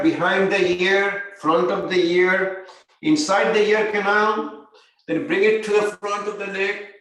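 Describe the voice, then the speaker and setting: An older man teaching yoga therapy, giving calm guided instruction and repeating breathing cues. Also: sits high. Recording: very echoey room, mic far off.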